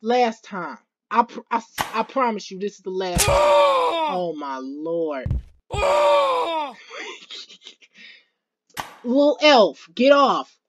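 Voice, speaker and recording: A woman hosting a gaming video, commentating a let's play with excited yelps, shouts and slangy chatter. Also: on the high side, a little hiss or hum. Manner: slangy, repeats phrases rapidly.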